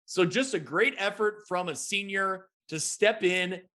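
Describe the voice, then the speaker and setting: A man hosting a sports talk podcast who gives energetic, quick recaps of high school football games. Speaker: podcast host.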